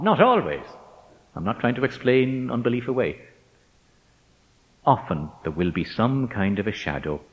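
A man with a low voice delivers a reflective faith talk, measured and emphatic, drawing out important words. His intonation rises and falls widely as he moves between argument and story. The recording is dull and lo-fi, with a long hall reverb behind him. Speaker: speaker addressing ministers.

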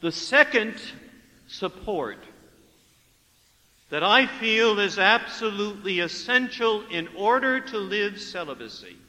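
A priest preaching a sermon, telling a story with lively acted-out dialogue and hushed asides. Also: male voice, sits high, slow, long reverb tail, poor audio. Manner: animated storyteller acting out dialogue, dropping to hushed tones.

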